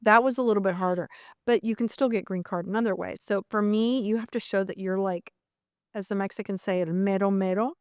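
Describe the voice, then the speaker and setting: A woman's voice: mid-range voice, steady tone, brisk, clear, resonant tone, no room sound, studio quality. A middle-aged woman from Colombia, chatting enthusiastically as an immigration attorney guest on a podcast. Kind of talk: casual interview chat.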